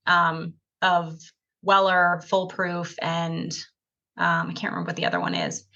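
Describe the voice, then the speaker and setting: A woman chats as a podcast guest over a video call. She rambles through her stories with a bright, forceful edge. The sound is dull and lo-fi, like compressed call audio. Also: very animated, normal speed. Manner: chatty, rambling, acts out quoted dialogue with big pitch jumps. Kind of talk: casual storytelling interview.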